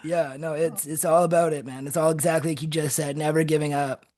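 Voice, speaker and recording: Lively man telling skate stories. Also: a little high, a little fast. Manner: energetic, animated storyteller, laughs often. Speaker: podcast guest. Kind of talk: casual storytelling chat.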